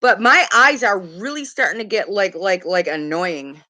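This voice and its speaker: Middle-aged woman, makeup streamer, bright voice, casual rambling chatter. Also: mid-range voice, normal speed. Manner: chatty, rambling, laughs often, swears casually. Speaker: makeup livestream host. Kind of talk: casual livestream chat reading comments.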